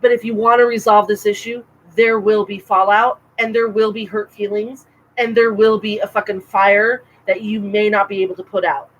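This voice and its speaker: A woman co-hosting a casual podcast chat, talking in an animated, rambling way with frequent restarts. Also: mid-range voice, normal speed, low-quality recording. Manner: chatty, animated, self-interrupting with restarts. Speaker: podcast co-host.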